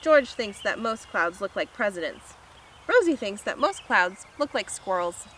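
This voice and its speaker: A woman teacher reading a children's picture book aloud, expressive and asking her young listeners questions. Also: medium pitch, unhurried, slight background noise.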